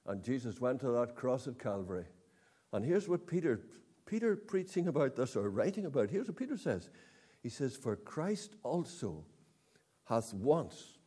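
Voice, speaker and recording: A man's voice: mid-range voice, dark tone. A man preaching a sermon to an evening audience, emphatic, repeating key words and asking rhetorical questions. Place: meeting hall with audience.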